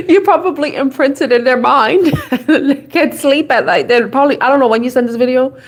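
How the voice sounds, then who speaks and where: A woman's voice: sits high, moderate pace. A woman tarot reader chatting casually on a live stream, giggling and breaking into fits of laughter.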